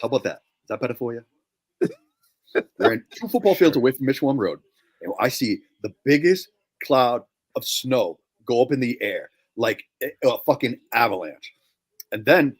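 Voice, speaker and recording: Man, mid-pitched voice, blunt, profane, casual podcast storytelling. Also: breathy edge. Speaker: podcast co-host.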